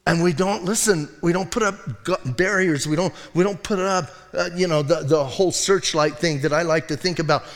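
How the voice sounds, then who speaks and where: Guy preaching in a church, kinda high voice, lots of hall echo, tells stories acting out the voices. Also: moderate pace, hardly any pauses. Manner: animated storytelling with acted quotes and laughs. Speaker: pastor. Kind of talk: sermon. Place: church sanctuary.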